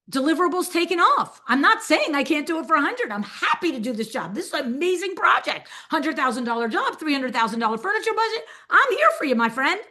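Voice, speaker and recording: An older woman coaching designers in a webinar, talking animatedly and acting out client conversations as she goes. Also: high-pitched. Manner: animated, acts out client dialogues. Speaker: business coach for interior designers. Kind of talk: webinar teaching.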